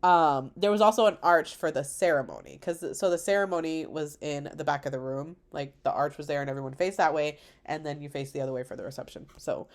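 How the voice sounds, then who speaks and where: A young woman vlogger chatting about her wedding photos, animated and slangy, laughing often, on a computer microphone. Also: sits low. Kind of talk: casual chat over wedding photos.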